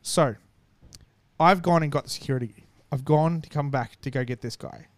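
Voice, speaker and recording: A man's voice: a little high, moderate pace, no room sound. A man casually telling a long, profane story and acting out what people said. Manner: animated, profane, acts out quotes.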